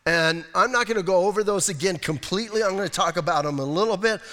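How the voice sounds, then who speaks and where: A man's voice: high voice, fast, sharp tone. A man preaching a plainspoken, casual sermon to his congregation in a church. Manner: plainspoken, casual, self-deprecating. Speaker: pastor. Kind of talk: conversational sermon. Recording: long reverb of a church hall.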